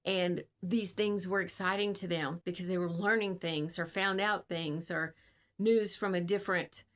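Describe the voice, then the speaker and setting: Woman casting director, lowish voice, casual and earnest advice to camera, rambling with lots of fillers, video call. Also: steady tone, moderate pace.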